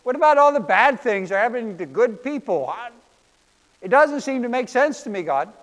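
A man's voice: very high-pitched, big pitch swings, brisk, fairly bright tone, in a large hall, pitched above the performer's own voice, heavily acted, rough recording. A man voicing a bewildered ordinary guy who presses God with pleading questions. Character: bewildered everyman asking God hard questions.

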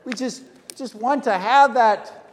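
A man's voice: very high-pitched, slow. A man preaching a sermon as pastor, telling a story and often repeating words as he starts a phrase. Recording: echoey hall reverb.

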